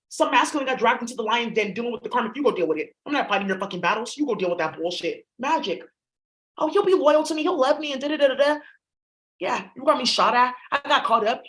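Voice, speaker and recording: A woman with a fairly high voice talks through a spiritual reading. She rambles, swears freely, and hammers her points home bluntly. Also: a bit bright, low-quality recording. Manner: blunt, profane, rambling and emphatic. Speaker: astrology reader. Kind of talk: casual spiritual reading monologue.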